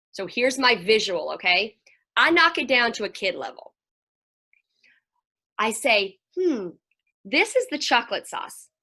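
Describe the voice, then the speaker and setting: Addressing a moms' group by video call, a middle-aged counselor and play therapist talks in a chatty, folksy way, now and then imitating children's voices. She has a mid-range voice with a sharp tone.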